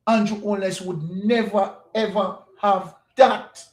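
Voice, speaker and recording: A Jamaican political commentator delivers an opinionated monologue, driving his points home with rhetorical questions and repetition. His voice is high-pitched and steady, unhurried, and recorded in an echoey room.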